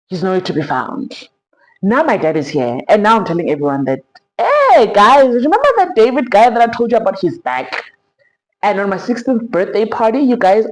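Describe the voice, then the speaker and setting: A young woman with a South African accent telling a personal story in a sit-down vlog, animated and quick to act out the people in it. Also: fairly low pitch, low-quality recording. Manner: animated, dramatic quoted voices, frequent fillers. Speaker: vlogger.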